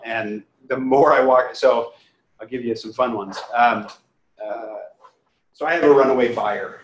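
Animated man telling sales stories. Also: medium pitch. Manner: animated, acts out both sides of conversations. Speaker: real estate agent giving a training talk. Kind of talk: casual storytelling talk. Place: training room. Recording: echoey room.

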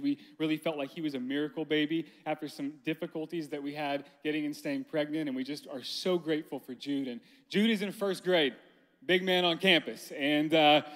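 A man's voice: fairly high pitch, fairly bright tone. A man in his thirties preaching at a conference, telling a family story with humor and speaking directly to the audience. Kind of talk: sermon with personal story. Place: large conference hall. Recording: long hall reverb.

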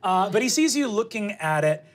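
A woman narrating as game master of a tabletop game, lively and full of fillers. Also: mid-range voice, moderate pace.

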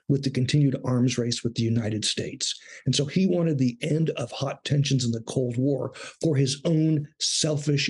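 A man's voice with a grainy, breathy edge, pitched in the middle of the male range. He speaks as an interview guest, thoughtful and measured, and sometimes repeats a word as he gathers his thoughts. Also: a little mellow. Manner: measured, thoughtful, with small restarts. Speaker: guest, former foreign correspondent. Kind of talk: reflective interview talk.

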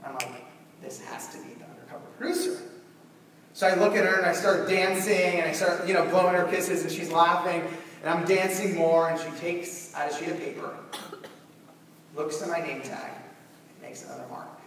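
A young man giving a storytelling keynote in a large conference hall, animated and acting out scenes. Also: high-pitched, normal speed, a little hiss or hum. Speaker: keynote speaker. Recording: echoey hall from far off.

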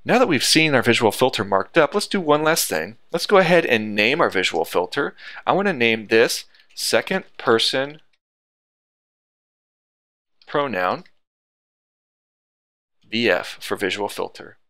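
A man teaching a software tutorial over a screen recording, explaining each step methodically. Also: mid-range voice, very animated, measured pace, pauses often, no room sound.

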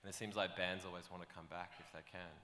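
Flat, deep-voiced panel moderator. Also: male voice, fast talker, crowd noise. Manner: searching for words, repeats himself. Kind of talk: moderator's question. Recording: echoey hall, faint noise.

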